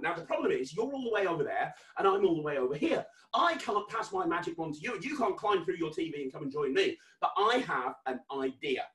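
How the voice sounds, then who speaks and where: A man with a British accent hosting an interactive children's magic show over video, playful and mock-stern, building to excited shouts. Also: fairly high pitch, roomy sound, far from the mic. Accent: British English. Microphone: webcam.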